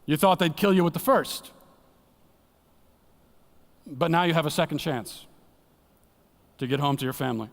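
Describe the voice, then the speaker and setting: Male guest preacher, earnest and dramatic, voice on the higher side, slips into hushed lows, church hall echo. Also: normal speed, gravelly, pauses often. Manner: earnest, dramatic, drops to a hushed low voice for emphasis. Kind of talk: sermon. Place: church sanctuary. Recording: long church hall reverb.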